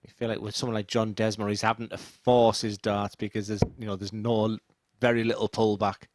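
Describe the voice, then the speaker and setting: A male co-commentator with a lower voice, chatty and joking. He trades opinions on the players' throws and adds colour to the action. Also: little pitch movement, fairly quick, background noise. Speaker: darts co-commentator. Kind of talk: sports commentary banter.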